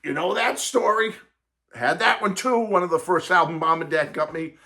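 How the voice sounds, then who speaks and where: A man in his sixties hosting a vlog, telling a nostalgic personal story in a chatty, animated way, talking straight to his viewers. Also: high-pitched, normal speed, vocal fry. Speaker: vlog host and record collector.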